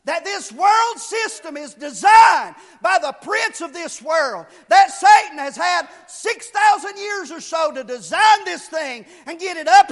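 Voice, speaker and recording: A man delivers a fiery sermon, shouting the key lines before dropping low to explain them. He repeats phrases for emphasis.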